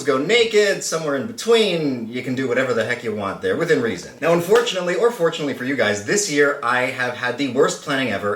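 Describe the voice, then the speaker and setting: A man's voice: mid-range voice, fairly bright tone. A man hosting a casual vlog to camera, playful and self-mocking, rambling as he talks. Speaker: channel host. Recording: roomy, slightly distant mic.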